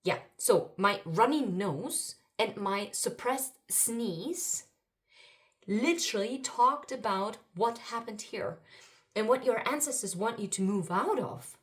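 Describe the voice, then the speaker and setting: Woman, card reader, higher voice, excitable and exclamatory. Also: takes it slowly. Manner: excitable, exclaiming, swings between murmuring and loud. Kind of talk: intuitive card reading to viewers.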